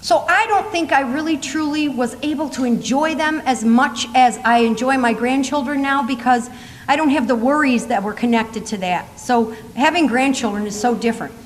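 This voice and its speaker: An older woman with a high, bright-sounding voice tells funny stories to a conference audience, chuckling along the way. Her words ring through a large echoey hall, with long reverb and a faint hum of the room behind her. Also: normal speed. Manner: animated, laughing while telling stories. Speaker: motivational speaker. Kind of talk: humorous storytelling speech.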